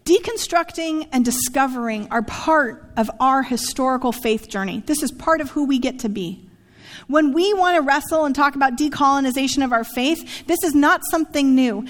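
A woman's voice: high-pitched, normal speed, in a large hall. A woman in her forties, a pastor preaching a sermon in a conversational way, often asking her listeners "right?".

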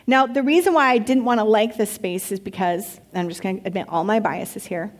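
A woman pastor giving a conversational sermon, chatty and candid, with quick asides and open enthusiasm. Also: mid-range voice. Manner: enthusiastic when describing places.

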